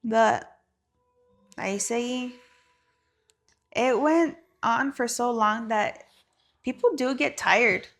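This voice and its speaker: A woman's voice: a little high, slow, long pauses, fairly bright tone, soft background music. A woman talking frankly and profanely as a guest, telling a personal story with Spanish phrases mixed in.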